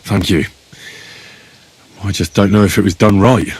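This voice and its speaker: A man's voice: lowish voice, fairly even intonation, measured pace, husky, dry recording, poor audio. An actor playing an earnest young man in a video game who keeps asking questions. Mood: curious. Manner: inquisitive, earnest.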